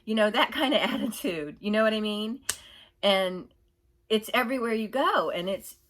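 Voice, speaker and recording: A woman's voice: mid-range voice, expressive, moderate pace, a bit bright. A woman ranting in a casual opinion monologue, rambling and exasperated, mocking others with whiny put-on voices. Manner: rambling, exasperated, laughs while telling stories. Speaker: vlogger.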